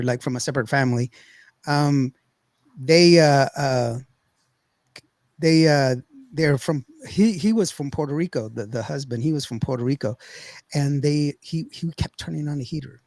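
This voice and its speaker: A man with a drawl hosts a podcast, telling a long, rambling story and acting out quotes along the way. His voice sits a little high for a man. The recording is close and dry, with no room sound. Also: dry recording. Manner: rambling, animated, laughs often, acts out quotes. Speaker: podcast host. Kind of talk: casual storytelling chat.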